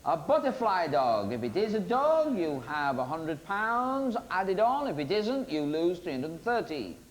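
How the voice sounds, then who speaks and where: A man's voice: high voice, very animated, a little slow. A man hosting a TV quiz show, joking and teasing the contestants. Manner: teasing, jokey banter with contestants. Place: TV studio with audience. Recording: noisy 1990s TV broadcast.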